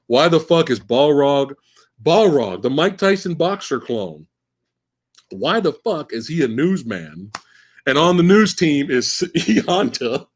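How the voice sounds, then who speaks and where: A man's voice: on the high side, unhurried. A man in his forties hosting a live Q&A stream, talking in a rambling, profane way and repeating words as he restarts his sentences. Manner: animated, profane, stammering restarts. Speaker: livestream host. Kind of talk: live Q&A chat.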